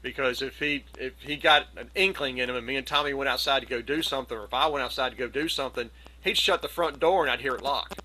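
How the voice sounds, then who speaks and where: Bright-voiced man telling a story. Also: mid-range voice, fast talker, hardly any pauses, poor audio. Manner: animated anecdote, acts out quoted voices. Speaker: community gathering participant. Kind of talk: casual storytelling. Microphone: video call.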